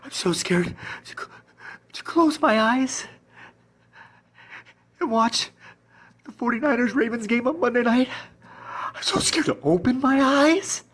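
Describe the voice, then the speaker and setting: A woman's voice: high voice, a bit bright, slightly rough, exaggerated voice. A woman playing a panicked, guilt-ridden fantasy football manager in a comedy sketch, whispering breathlessly and swinging between terror and relief.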